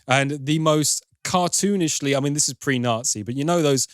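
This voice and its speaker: A man's voice: on the high side, normal speed, clear, resonant tone, no room sound, clean studio sound. A man, a podcast film reviewer, chattily retelling a film's plot with wry, sarcastic asides. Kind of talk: casual plot recap.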